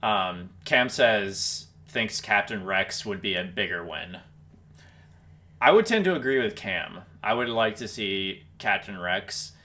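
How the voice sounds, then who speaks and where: A man co-hosting a live-stream podcast, chatting casually and reading viewer comments, relaxed and quick to laugh. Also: fairly low pitch. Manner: relaxed, laughs often, trailing restarts.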